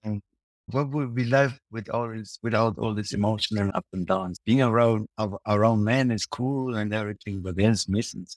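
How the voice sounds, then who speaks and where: A man, a tantra and yoga teacher who speaks haltingly, restarts phrases and searches for words, then guides a meditation. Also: on the low side, dry recording.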